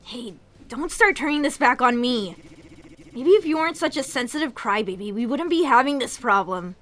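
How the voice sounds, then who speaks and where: A woman reading game dialogue aloud, voicing an angry, foul-mouthed young man who talks loud and scornful. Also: high-pitched, lively intonation, normal speed, a little hiss or hum.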